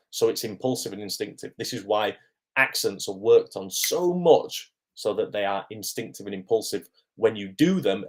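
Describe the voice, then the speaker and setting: A man, an acting coach answering viewers' questions on a live stream in a friendly, chatty way with frequent ums. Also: fairly low pitch.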